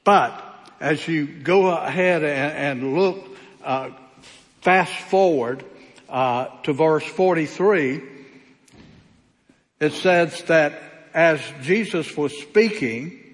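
A man preaching a sermon as pastor, speaking with slow, emphatic delivery and long pauses. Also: a little high, big-room sound.

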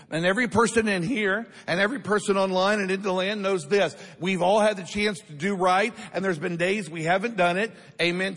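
A man with a high voice preaches a sermon in a church sanctuary. He drives his points home and keeps asking the congregation to answer back. The sound rings with the long reverb of the hall. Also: a bit bright. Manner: emphatic preaching with call-and-response questions to the congregation. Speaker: pastor.

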